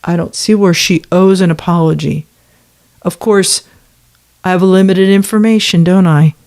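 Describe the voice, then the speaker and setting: A woman's voice: on the low side, steady tone, moderate pace, darkish tone. Woman reacting to messages she reads out, sarcastic and fed up, firing questions at her listeners. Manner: sarcastic, indignant asides. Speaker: commentator on a former church. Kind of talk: reaction commentary, reading messages aloud.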